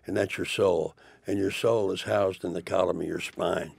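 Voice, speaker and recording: An older man talks in a low, gravelly voice, rambling and emphatic as a studio guest. The sound is dry and close. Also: steady tone, normal speed, no echo. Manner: rambling, emphatic, spiritual musings. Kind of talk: rambling studio interview talk. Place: radio studio.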